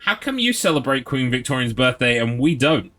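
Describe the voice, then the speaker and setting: Male streamer, chatty and sarcastic, sweary, bright tone. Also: mid-range voice, very animated, moderate pace. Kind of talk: casual gameplay commentary.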